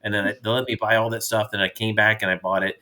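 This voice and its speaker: A man's voice: on the low side, flat delivery, fast, sharp tone. A middle-aged man co-hosting a casual chat with his daughter, telling rambling, jovial stories. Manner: jovial storyteller, rambling with restarts. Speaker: podcast co-host, father.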